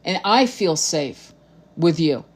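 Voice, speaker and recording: A woman's voice: low-pitched, animated, takes it slowly. A woman hosting a live spiritual talk as a tarot reader, blunt, profane and fiery, repeating phrases for emphasis.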